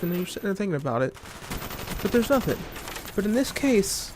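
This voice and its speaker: This young gaming creator's high voice swings widely in pitch as he rushes fairly quickly through a casual, expletive-filled rant of a story, full of fillers and false starts. Game gunfire and other background noise sound behind him.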